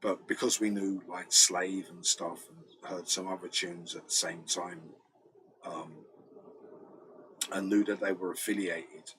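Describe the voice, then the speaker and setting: Deep-voiced British man chatting casually. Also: steady tone, unhurried, pushed and bright, slight background noise, poor audio. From Britain. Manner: rambling storyteller, acts out quoted voices. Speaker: bass player. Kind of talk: casual chat.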